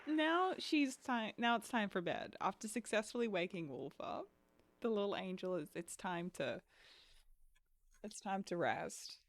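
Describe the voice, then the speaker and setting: A woman's voice: lowish voice, expressive, normal speed. A young woman streaming a game and chatting casually, laughing often and dropping lots of "like" and "dude". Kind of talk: casual chat while gaming.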